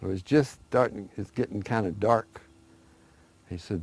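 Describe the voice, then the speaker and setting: Low-voiced man telling folktales. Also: measured pace, slightly rough. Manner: relaxed, conversational, with small restarts. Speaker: storyteller guest. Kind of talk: oral folk storytelling.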